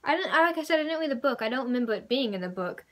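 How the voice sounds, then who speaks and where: A young woman vlogs her casual reaction to a trailer, rambling excitedly and packing in lots of fillers. Her voice is high and she talks at a racing clip.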